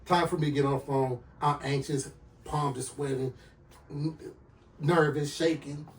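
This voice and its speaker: Animated male storyteller, slightly high voice. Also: measured pace, recorded from a distance, slight background noise. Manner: animated, acts out dialogue and sound effects. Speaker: podcast host.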